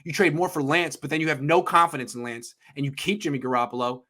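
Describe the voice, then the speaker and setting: A man in his thirties, hosting a sports podcast, talks fast in a sharp tone and a voice a bit higher-pitched than most men's. In heated sports debate he rants in profane, emphatic bursts, pushing every point hard.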